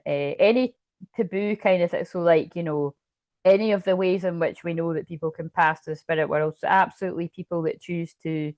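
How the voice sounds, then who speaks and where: With no echo on the recording, a woman with a fairly low-pitched voice gives a laid-back tarot reading as a psychic medium. Her talk wanders, she cuts herself off mid-sentence, and frequent laughter and hiccups keep it chatty.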